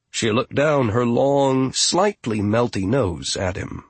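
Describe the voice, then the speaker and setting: A man narrating a storybook in a measured, wry manner. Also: mid-range voice, husky, no room sound. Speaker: audiobook narrator. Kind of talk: scripted narration.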